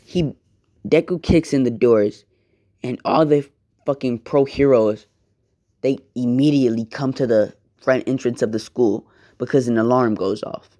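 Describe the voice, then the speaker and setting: A man's voice: medium pitch, unhurried, dark tone. A young man casually telling a fan-made story, rambling with slang, profanity and side comments.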